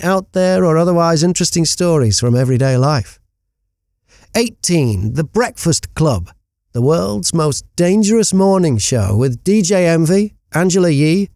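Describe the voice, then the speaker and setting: A man hosting a radio show, presenting a podcast chart countdown in a brisk style with dry humor. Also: a little high, a little mellow, no echo.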